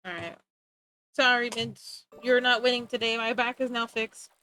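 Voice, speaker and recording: Woman streamer, casual chat while drawing; high, sharp voice, animated and self-mocking. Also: slight background noise, rough recording. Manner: animated, joking, self-mocking, quick to laugh. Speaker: livestreamer.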